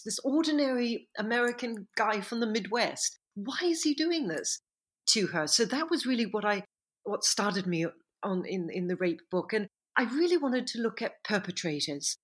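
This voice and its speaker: A woman historian and author answering interview questions in a reflective, measured way, sometimes stopping to correct herself. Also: medium pitch, slightly rough.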